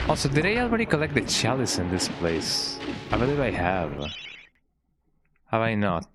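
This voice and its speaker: Guy streaming a game, lively voice, says eh a lot, game music going behind. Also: fairly low pitch, normal speed. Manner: rambling, tags lines with "eh?". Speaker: gaming streamer. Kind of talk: casual let's play commentary.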